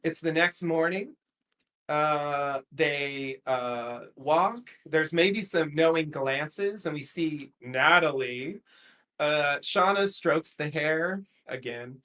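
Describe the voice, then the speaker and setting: A man's voice: a little high, takes it slowly, sharp tone. A man casually recapping a TV episode on a podcast, chatty and rambling, laughing often.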